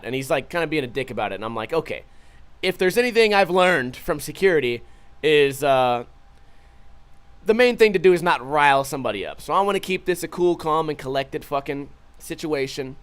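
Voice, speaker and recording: A young man hosting a vlog, telling a story casually, profane and animated, acting out the other people's lines. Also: medium pitch, quick pace. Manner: profane, animated retelling with quoted voices. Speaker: vlog host.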